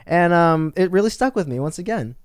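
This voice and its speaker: A young man hosting a casual chat, warmly and effusively telling stories about a friend. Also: sits high, a little fast, clean tone, dry recording, studio quality. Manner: warm, effusive, animated storytelling. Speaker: host.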